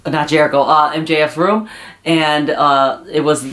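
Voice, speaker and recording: A man's voice: on the high side, level tone, moderate pace, fairly bright tone. A man casually recapping a wrestling episode, rambling with lots of "uh" and "you know.". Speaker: wrestling show reviewer.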